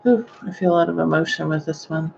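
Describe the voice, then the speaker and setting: Woman psychic reading live, soft and halting, a gravelly edge, muffled lo-fi recording. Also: sits low, slight background noise. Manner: gentle, hesitant, with sighing exclamations. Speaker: psychic medium.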